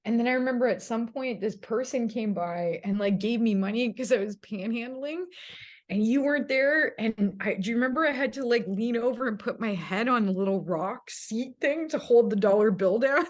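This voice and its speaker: A woman's voice: fairly high pitch, normal speed. A woman who is a guest on a casual chat, recalling old adventures and laughing often. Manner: laughing, animated recollection.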